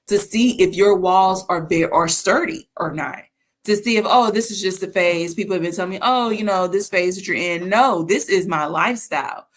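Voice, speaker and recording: A woman from the American South hosting a casual faith talk, telling stories in an animated way with frequent restarts. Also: on the low side. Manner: animated storytelling with laughs and restarts. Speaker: host.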